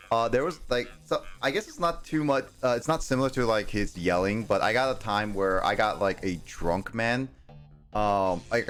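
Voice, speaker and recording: A young man in casual stream chat, halting and restarting as he tells a story. His voice moves animatedly up and down, and faint music plays behind him. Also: on the low side, a bit bright. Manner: halting, restarts often, hesitant fillers.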